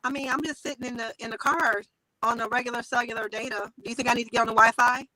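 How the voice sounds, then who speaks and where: A woman's voice: a little high, fairly even intonation, fast talker, sharp tone, no echo, rough recording. A woman comedian guest chatting playfully from her car on a headset, laughing often. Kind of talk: casual chat over a video call.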